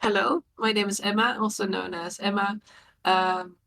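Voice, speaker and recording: A woman's voice: medium pitch, steady tone, normal speed, gravelly, fairly bright tone, rough recording. A woman from the Netherlands introducing herself as a player, rambling and self-mocking. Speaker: writer, player.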